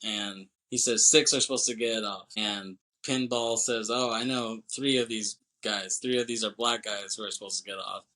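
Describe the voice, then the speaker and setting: A man's voice: fairly low pitch, steady tone, moderate pace, hardly any pauses, pushed and bright. A man co-hosting a podcast, casually recapping a movie scene by scene, rambling, laughing often and acting out lines. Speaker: podcast co-host.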